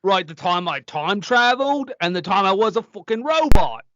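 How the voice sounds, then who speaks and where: A man playing a rambling, self-absorbed male movie star with a Cockney accent, talking with oblivious deadpan boasting. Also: high voice, moderate pace, no echo, lo-fi sound, heavily acted.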